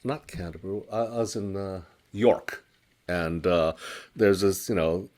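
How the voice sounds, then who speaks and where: A man telling a personal ghost story in casual conversation, animated and laughing as he acts out his own reactions. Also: low voice, a little slow. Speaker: storyteller guest.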